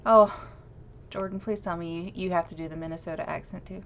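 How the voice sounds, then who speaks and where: Giggly woman streaming, low-key. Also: steady tone, brisk. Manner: giggly, self-deprecating, chatty with viewers. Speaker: streamer reading an old newspaper clipping. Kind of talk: casual live-stream chat and reading aloud. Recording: slightly dull lo-fi stream audio with faint noise.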